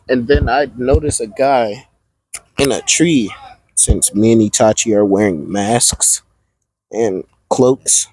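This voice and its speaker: Slow talking guy making up a fan story as he goes, husky voice, dry close sound. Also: mid-range voice, a little mellow, no room sound, low-quality recording. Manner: rambling, stops and restarts. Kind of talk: improvised fan story narration.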